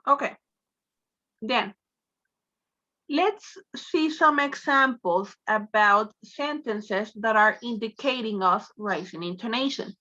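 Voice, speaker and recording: High bright woman teaching. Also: muffled recording. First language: Spanish. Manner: explains slowly, switching between English and Spanish. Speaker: English teacher. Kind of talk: online class lecture.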